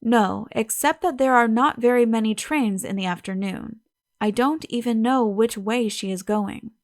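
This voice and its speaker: A woman's voice: fairly high pitch, moderate pace, dry recording, clean studio sound, close to an everyday voice. A woman voicing a flustered, protesting older lady of the house, in an audiobook.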